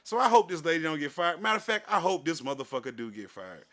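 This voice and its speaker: Animated man telling a story. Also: a little high, quick pace. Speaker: podcast co-host. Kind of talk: casual chat.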